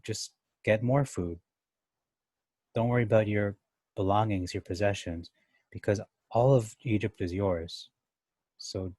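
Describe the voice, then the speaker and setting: In a casual Bible study, a man works through a chapter, reading verses, explaining them, and comparing translations as he thinks aloud. His voice is warm and on the low side, and the recording is dry.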